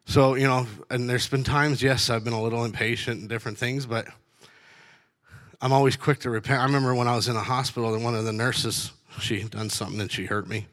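A middle-aged man tells faith stories in a blunt, down-to-earth way, breaking into short laughs as he goes. His voice sits at an ordinary mid pitch for a man, and his delivery is casual and unscripted. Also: steady tone, fast, fairly bright tone. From Canada. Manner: blunt, storytelling, laughing between lines. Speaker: truck driver sharing faith.

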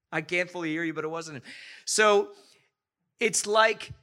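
A man's voice: sits high, slow, pushed and bright. A man preaching a sermon as pastor, enthusiastic and rambling, often restarting his sentences.

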